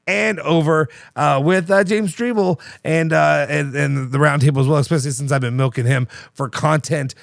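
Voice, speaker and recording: A show host runs a casual live show, reading ads and chatting in a rambling way full of fillers and restarts, and he laughs easily. His voice is a little high and creaky, at a normal speed with hardly any pauses. The recording is dry, clean studio sound.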